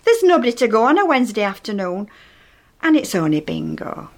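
A woman's voice: on the high side, sing-song, a little fast. A woman performing a comic character monologue as a gossipy elderly woman with a Northern English accent and dry, matter-of-fact humour. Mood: chatty. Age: older. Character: chatty, nosy elderly northern widow-type woman.

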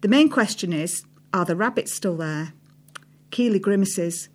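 A woman narrating a feature article in a steady read-aloud style, dropping her voice on the speech tags. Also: medium pitch, measured pace. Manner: reads quotes with a lift, drops for speech tags. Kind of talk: scripted narration reading quotes aloud.

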